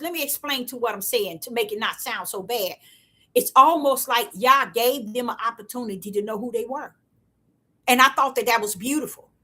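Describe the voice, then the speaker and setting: A woman giving a casual, repetitive spiritual talk to her viewers in a preachy, excitable way. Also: high voice, slightly rough. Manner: preachy, repetitive, excitable, African American Vernacular English. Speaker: online preacher.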